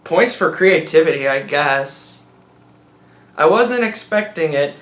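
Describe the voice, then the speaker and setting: Man, rambling mocking film review, fairly high voice, roomy echo. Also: expressive, takes it slowly, a bit bright. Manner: rambling, mocking, acts out characters in silly voices. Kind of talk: sarcastic movie review rant.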